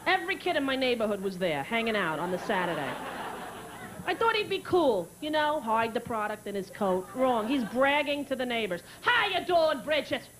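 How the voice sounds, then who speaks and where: A woman doing stand-up comedy, telling stories in a wry, deadpan way. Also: on the high side, normal speed, noisy background. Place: comedy club stage. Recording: comedy club with loud crowd laughter.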